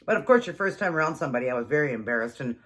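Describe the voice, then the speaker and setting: A woman's voice: sits low, animated, rapid-fire, a bit bright. A woman in her forties chatting casually as a keto vlogger, rambling through a story with frequent laughs and a runny nose. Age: 40s. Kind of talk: casual storytelling while eating.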